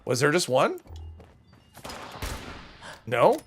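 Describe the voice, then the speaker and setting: A man's voice: a little high, huge pitch swings, very slow, soft background music. A man streaming a video game, rambling and thinking aloud in casual commentary, with a stuffy nose. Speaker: gaming streamer.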